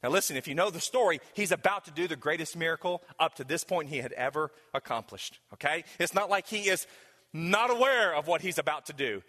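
A man's voice: fairly high pitch, expressive, a little fast, pushed and bright. A man preaching a sermon, talking emphatically to the congregation and asking them questions directly. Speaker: pastor. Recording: long hall reverb.

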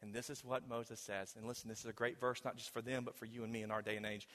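A man's voice: mid-range voice, flat delivery, fast talker, hardly any pauses. Dramatic preacher man in a reverberant hall. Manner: dramatic storytelling, swings from shouting to hushed. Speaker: pastor. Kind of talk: sermon.

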